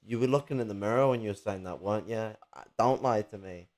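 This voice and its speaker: A man's voice: fairly low pitch, fast talker, darkish tone. A man in casual political chat, ranting and cursing with sarcastic jabs.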